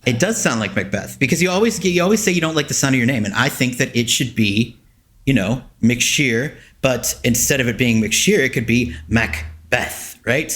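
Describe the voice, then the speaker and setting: Casting note: male podcast co-host, mid-pitched, playful and chatty. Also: animated, moderate pace, a bit bright. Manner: joking, rambling with restarts. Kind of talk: casual podcast chat.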